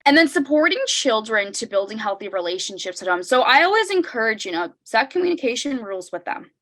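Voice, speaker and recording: A young adult woman giving a parenting workshop over a video call. She talks conversationally, keeps asking "right?", and acts out parent lines in a brighter voice. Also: on the high side, big pitch swings, fast talker. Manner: conversational, tags sentences with "right?". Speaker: workshop presenter. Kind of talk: online parenting workshop talk.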